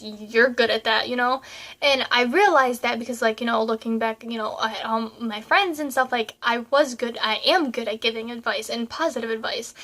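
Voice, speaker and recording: A woman's voice: fairly high pitch, fairly bright tone. A young woman talking to her viewers in a casual vlog, rambling and heartfelt, with lots of fillers and tears coming through. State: tearful, crying at times. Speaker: YouTuber. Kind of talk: casual vlog talk to camera.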